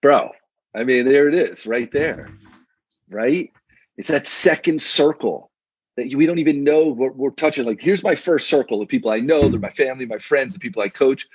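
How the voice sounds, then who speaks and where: Man, 30s, podcast guest, casual slang, frequent restarts, husky voice, dry muffled recording. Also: mid-range voice, moderate pace, no echo. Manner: laid-back, slangy, repeats words as he restarts. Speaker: guest, men's coach.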